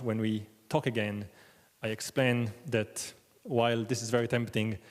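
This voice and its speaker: A man telling a wry, self-deprecating story live on a theater stage, acting out the people he quotes. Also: medium pitch. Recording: long hall reverb.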